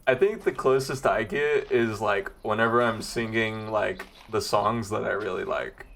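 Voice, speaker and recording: Young man, deep voice, relaxed rambling podcast chat, laughs a lot. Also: a little slow, gravelly, over a noisy crowd. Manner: laid-back, rambling, laughs often, tries voices. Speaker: podcast co-host. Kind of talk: casual chat.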